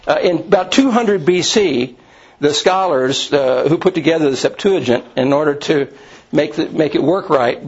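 A man with a slightly high, somewhat mellow, husky voice teaches a Bible study class. His explanations ramble, full of restarts and asides, and the lo-fi recording sounds dull.

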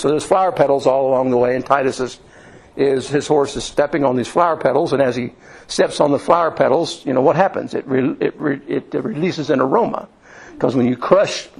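A man from Indiana preaching a sermon in a folksy, storytelling way, often restarting and filling pauses. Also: mid-range voice, vocal fry, darkish tone, breathy edge, rough recording. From Indiana, USA.

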